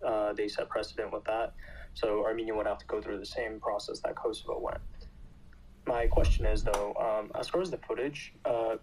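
A man calling in to a podcast, asking hesitant, measured questions. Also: on the low side, fairly even intonation, darkish tone, slight background noise, poor audio. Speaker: caller. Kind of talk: casual podcast chat.

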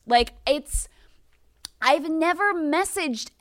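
A woman's voice: mid-range voice, lively intonation, a little slow, a bit bright, clear, resonant tone, dry recording, studio quality. A woman in her thirties co-hosting a podcast, ranting in casual, profane, exasperated chat. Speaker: podcast co-host.

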